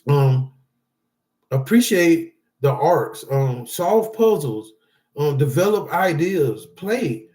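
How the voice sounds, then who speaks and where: Man, fairly high voice, casual motivational talk, rambling, reads from notes, checks in with listeners. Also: very animated, slow, darkish tone. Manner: loose and rambling, talks straight to viewers with frequent "all right?" and "okay?". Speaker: support group speaker. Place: indoors, reading from notes to camera.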